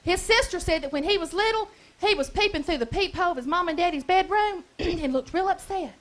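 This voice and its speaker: Woman, Southern US accent, stand-up comic, very high voice, bright and punchy delivery, brash folksy stories. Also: a little fast. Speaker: stand-up comedian. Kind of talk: stand-up comedy routine. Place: comedy club stage.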